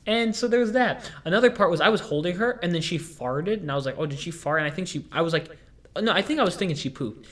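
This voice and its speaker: A man's voice: high voice, expressive, fast talker, fairly bright tone. Young man rambling in a casual podcast chat. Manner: rambling, jokey storytelling with many fillers. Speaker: podcast host.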